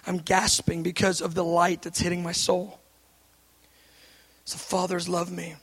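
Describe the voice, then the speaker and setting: A man in his thirties preaching a sermon with fervor, swinging between shouting and hushed asides. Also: high-pitched, completely flat delivery, a little slow, pauses often, husky.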